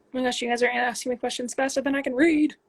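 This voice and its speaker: A woman's voice: sits high, fairly even intonation, fast talker, vocal fry, dry recording. A woman in her twenties from Canada, a pro soccer player reading fan questions aloud and answering them in a casual, chatty livestream on her phone.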